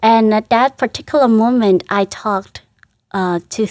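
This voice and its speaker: A woman from Vietnam, a Catholic sister, speaking in a halting, earnest way and laughing softly between phrases as an interview guest. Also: a little high, dry recording, clean studio sound. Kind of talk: casual interview.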